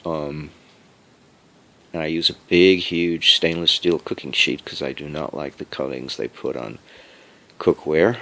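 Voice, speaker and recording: Low gravelly man rambling on. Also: steady tone, a bit bright. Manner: digressive, halting, with frequent repeats and chuckles. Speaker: home cook sharing health updates. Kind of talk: rambling personal monologue.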